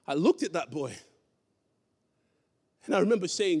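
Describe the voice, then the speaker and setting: In a church hall, a preacher with a high voice for a man delivers a sermon, telling his story emphatically and acting out every voice in the dialogue. He speaks at a normal speed with a creaky, slightly mellow quality and frequent pauses, and a long reverb trails each phrase.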